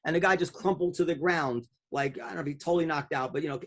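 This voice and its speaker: A man hosts a casual round-table talk in a slightly higher voice, rambling along with plenty of ums and restarted phrases. He speaks loosely and conversationally, circling back as he goes. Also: fast, a bit bright. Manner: rambling, many fillers and restarts. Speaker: podcast host.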